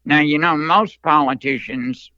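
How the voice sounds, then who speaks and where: An older man telling stories from long ago as an interview guest, in a slow, earnest manner. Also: a little high, dry recording, dull audio. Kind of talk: storytelling interview.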